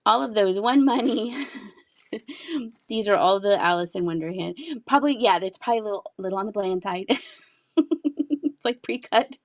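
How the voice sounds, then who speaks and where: A woman's voice: medium pitch, normal speed, long pauses, no room sound. A woman in her thirties chatting casually while selling items on a live stream, laughing often and talking to viewers. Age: 30s. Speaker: live auction seller.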